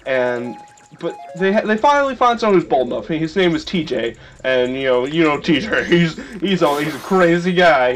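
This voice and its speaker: A young man hosting a game playthrough, rambling and joking with sudden excited yelps. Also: a little high, slight background noise. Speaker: let's play host. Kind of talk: casual gameplay commentary. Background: faint video game music.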